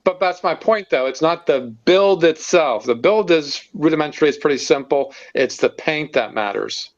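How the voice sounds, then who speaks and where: A man hosting a casual online hobby hangout, talking in halting bursts full of fillers and easy laughter. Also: fairly high pitch, expressive, dull audio. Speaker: host of a modeling hangout. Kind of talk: casual video-call chat. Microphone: video call.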